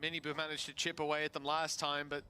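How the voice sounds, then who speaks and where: A man's voice: on the high side, level tone, quick pace, a crowd in the background. A man commentating play-by-play on an esports match in a flowing, dramatic delivery. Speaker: esports caster.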